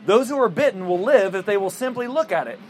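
A man's voice: high-pitched, expressive, fast, slight background noise. A man preaching a sermon in a conversational storytelling way, asking the audience rhetorical questions. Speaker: pastor.

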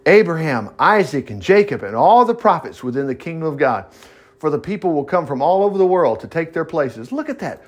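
Animated male Bible teacher, chatty reading with asides, somewhat high, very expressive. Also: fairly quick. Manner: animated, breaks into asides and acted-out voices. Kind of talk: informal Bible reading with commentary.

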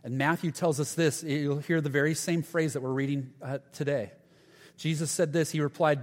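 A man's voice: fairly high pitch, a little fast, darkish tone. A man preaching a conversational sermon as pastor, acting out the voices in Bible stories. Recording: long reverb of a large hall.

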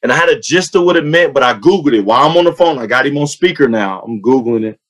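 A man, telling a personal faith story in casual conversation, acting out quotes with a rising voice. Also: fast. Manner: animated storytelling, acts out quotes with rising pitch. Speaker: youth football coach and sports training founder. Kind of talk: casual testimony in a podcast chat.

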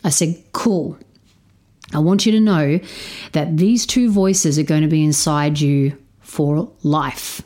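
A woman's voice: slow pace, warm tone. A woman telling a personal story in casual, candid speech, swearing freely and acting out the dialogue. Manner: candid, swears freely, repeats phrases for emphasis; acts out dialogue, voicing a girl higher. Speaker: storyteller sharing a parenting story.

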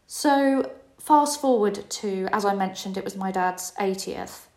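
A woman's voice: medium pitch, measured pace, darkish tone. A woman in her forties, host of a podcast, telling a personal story in a candid, emotional, confessional way. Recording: roomy echo.

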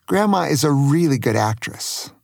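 An older man narrating a children's adventure story, slowly and often asking the listener questions. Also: medium pitch, lively intonation, gravelly, darkish tone, no room sound, studio quality. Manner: slow, asks the young listener questions.

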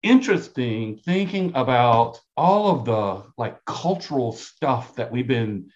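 A middle-aged man from South Carolina with a Lowcountry brogue, telling stories as a podcast guest in a chatty, rambling way that keeps correcting itself. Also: expressive, unhurried, muffled recording. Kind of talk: casual storytelling.

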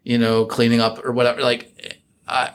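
A man's voice: mid-range voice, completely flat delivery, moderate pace, a bit bright, slight background noise. A middle-aged man with an American accent, chatting reflectively as an interview guest, full of fillers and restarts. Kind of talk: casual interview chat.

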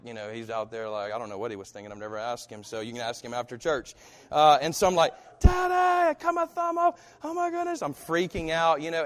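A pastor preaching a sermon and telling a personal story with animation, acting out the voices of people in it. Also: male voice, mid-range voice. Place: church. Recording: reverberant hall.

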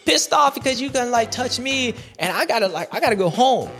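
A man's voice: very high-pitched, expressive, fairly quick, fairly bright tone, soft background music. A man hosting a recap show, talking in a playful, slangy, rambling way. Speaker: show host. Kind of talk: casual rambling recap monologue.

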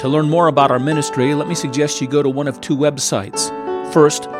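Man, radio ministry host, closing announcement, friendly, fairly high voice, loud guitar music behind. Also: fairly even intonation, fairly quick.

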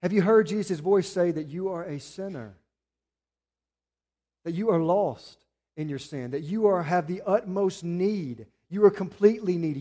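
A man preaching a sermon as pastor. He builds to emphatic peaks, then drops to quiet, earnest appeals. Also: high-pitched.

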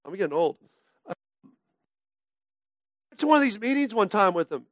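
A pastor preaching a casual, conversational sermon, often dropping to a near-hush at the ends of phrases. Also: male voice, extremely high pitch, no room sound.

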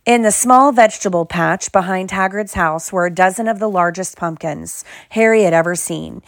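Low-voiced woman reading a storybook. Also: normal speed, hardly any pauses, no room sound, studio quality. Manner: steady storytelling read. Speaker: audiobook narrator. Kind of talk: scripted narration.

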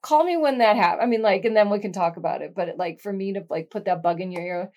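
A woman's voice: fairly low pitch, steady tone, quick pace, darkish tone. A middle-aged woman co-hosting a podcast in casual chat, frank and reflective, swearing now and then. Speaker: podcast co-host.

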